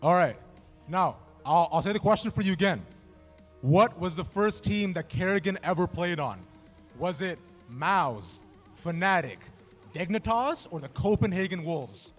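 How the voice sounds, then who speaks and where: Soft background music accompanies a man emceeing trivia at a gaming event in a large indoor space. His voice is high and expressive, his pace a little slow, and he jokes around casually with the contestants.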